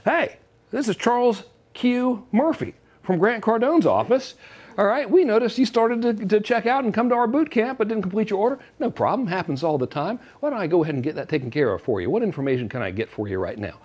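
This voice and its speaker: A man playing an upbeat male sales rep making a follow-up phone call, in a breezy, smooth sales patter. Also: sits high, animated, fairly quick, a little mellow, pitched above the performer's own voice.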